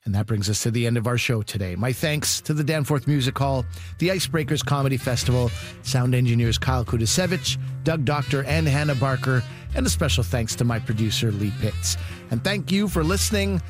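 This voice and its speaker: A man hosting a radio comedy show, reading a measured and sincere scripted outro. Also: mid-range voice, expressive, over music.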